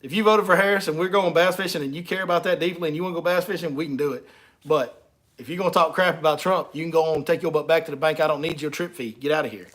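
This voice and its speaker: A man's voice: on the high side, fast talker, fairly bright tone. A man, a fishing guide hosting a casual livestream, reading comments and teasing with frequent laughs. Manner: joking, teasing and laughing between lines.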